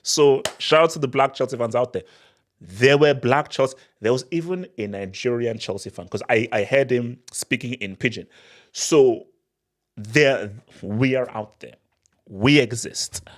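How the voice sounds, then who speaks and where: A man hosting a casual live question-and-answer stream, talking in an animated way with many restarts and frequent laughter. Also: medium pitch, a little slow. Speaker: football channel host.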